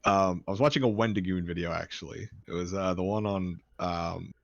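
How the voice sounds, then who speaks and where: A man's voice: low-pitched, brisk, vocal fry, no echo, lo-fi sound. A man chatting casually on a live stream about his band's song, rambling and swearing freely. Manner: rambling, profane, excitable. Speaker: band member.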